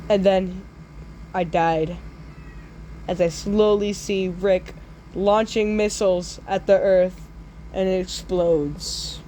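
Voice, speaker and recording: A woman narrating a goofy, absurd storytime in a slow, drawn-out voice. She breaks into sudden loud squealing outbursts. A faint hiss sits under the recording. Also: medium pitch, fairly even intonation.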